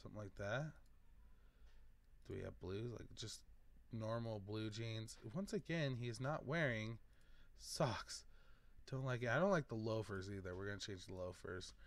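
A man with a somewhat low voice giving casual let's-play commentary. He rambles and thinks aloud as he weighs each choice. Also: normal speed, long pauses. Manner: rambling, thinking aloud while choosing options. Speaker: gaming video host.

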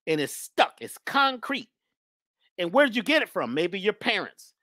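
Animated preachy woman, lively pitch. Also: normal speed, dry recording, clean studio sound. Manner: preachy, emphatic, repeats phrases. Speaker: spiritual speaker. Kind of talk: animated spiritual talk.

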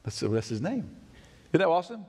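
A male pastor delivers a sermon with a lively, rising and falling pitch that sits a little above the usual. He swings from loud declarations to hushed asides. His voice rings with the long reverb of a church sanctuary. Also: fairly quick, husky. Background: congregation responses.

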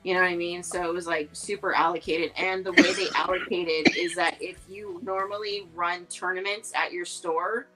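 Woman, low voice, casual podcast chat, rambling, lots of fillers, faint music behind. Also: sharp tone, low-quality recording. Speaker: podcast co-host.

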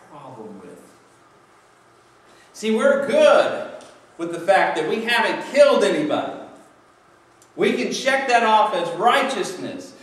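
A man preaching a sermon as pastor, conversational and jokey, acting out people's excuses. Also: high-pitched. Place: church sanctuary. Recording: echoey church hall from far off.

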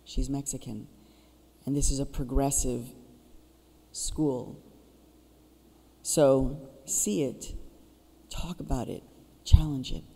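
A woman's voice: rumbling low, steady tone, takes it slowly, long pauses, mellow, husky. A woman giving a keynote speech, telling stories and urging her audience directly. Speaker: keynote speaker. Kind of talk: public speech. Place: school auditorium. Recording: reverberant auditorium.

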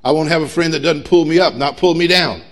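Man, middle-aged, pastor, sermon, slightly high voice, emphatic, humorous. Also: fast. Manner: emphatic preaching with humor and rising intensity. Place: church sanctuary.

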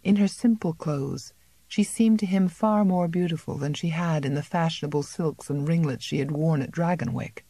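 A woman narrating an unabridged novel as an audiobook in a measured, even storytelling manner. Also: sits low, breathy edge, no echo. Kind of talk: scripted narration.

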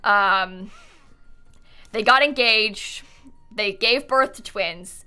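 Her mid-range voice is smooth, bright and forceful, and she draws out her words. She's a young woman live-streaming a life-sim game, chatting playfully, frequently laughing and scolding the characters over faint game music.

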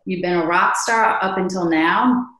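A woman being interviewed as a podcast guest, telling stories in a lively way and acting out the dialogue she quotes. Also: on the low side, normal speed. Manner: animated, acts out quoted dialogue. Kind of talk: conversational storytelling. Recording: echoey room.

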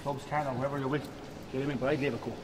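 A man's voice: mid-range voice, level tone, rapid-fire, roomy sound, long reverb tail, a crowd in the background. A man coaching a hurling session, calling out short instructions and encouragement, then answering coaches' questions. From Ireland. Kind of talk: outdoor coaching drill then Q&A.

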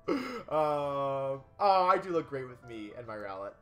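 Excitable young man with a bright voice. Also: medium pitch, measured pace, few pauses, soft background music. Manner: chatty, excitable, jokey asides. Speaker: let's play gamer. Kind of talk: casual game commentary.

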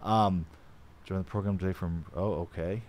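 Rambling low-voiced male podcast host. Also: fairly even intonation, normal speed, darkish tone. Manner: rambling, lots of fillers and restarts. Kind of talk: casual live podcast chat.

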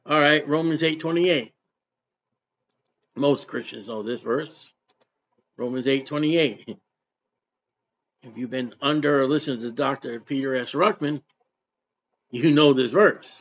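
A man preaching a sermon, quoting scripture with emphatic outbursts and quieter asides. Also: mid-range voice, unhurried, long pauses. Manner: emphatic, repetitive, switches between loud outbursts and quiet asides. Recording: dull lo-fi recording.

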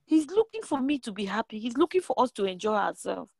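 A woman preaching a sermon, animated and emphatic, repeating lines and jumping in pitch. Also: fast, creaky, husky, no echo.

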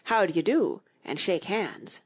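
A woman voicing Tweedledum, a stubborn, brisk little fat man with a contrary schoolboy manner. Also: fairly low pitch, big pitch swings, husky, exaggerated voice. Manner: brisk, blustering.

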